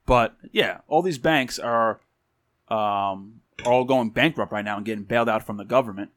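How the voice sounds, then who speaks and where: A man's voice: lowish voice, normal speed, fairly bright tone. A man co-hosting a podcast in casual chat, laid-back and slangy, with frequent hesitations. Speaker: podcast co-host.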